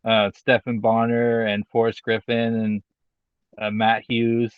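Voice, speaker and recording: A man co-hosting a wrestling podcast in casual chat, rambling with lots of fillers and getting animated when he retells things. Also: medium pitch, slow pace, clean tone, no echo, highs cut off. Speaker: podcast co-host.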